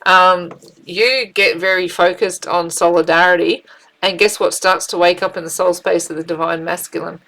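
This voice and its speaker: A woman with a somewhat low voice gives a casual, chatty tarot reading. She talks in an animated, conversational way and keeps looping back with fillers and restarts as she moves from card to card. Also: normal speed, poor audio. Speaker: tarot reader.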